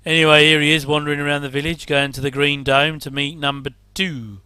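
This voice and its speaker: A man's voice: fairly high pitch, little pitch movement, brisk, pushed and bright, smooth, no room sound. A middle-aged English man rambling casually through a reaction commentary, with chatty, self-deprecating asides. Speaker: host.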